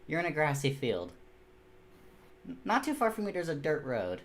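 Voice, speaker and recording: A man's voice: fairly high pitch, wildly swooping pitch, moderate pace, a bit bright, slight background noise. A man narrating as game master of a tabletop game, casual and rambling, with fillers and the odd swear.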